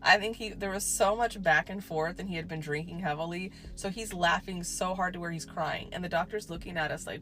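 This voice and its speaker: A woman's voice: fairly low pitch, fairly even intonation, moderate pace, hardly any pauses, fairly bright tone. A woman telling a true story in a casual storytime way, chatty, swearing and saying "like" a lot. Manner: chatty, swears, heavy use of "like".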